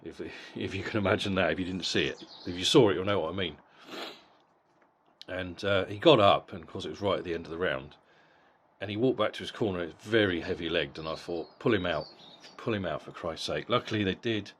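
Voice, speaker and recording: A middle-aged man with a deep voice gives a casual boxing fight review. He talks bluntly and swears freely, often stumbling and repeating words. Faint background noise sits under his voice. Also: fairly quick, fairly bright tone. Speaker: boxing vlogger.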